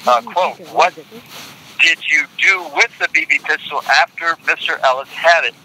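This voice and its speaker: An older man being interviewed, reading court transcript quotes aloud in a deliberate, indignant way and repeating lines for emphasis. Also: on the high side, big pitch swings, creaky, bright, forceful tone, a little hiss or hum, rough recording. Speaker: interview guest.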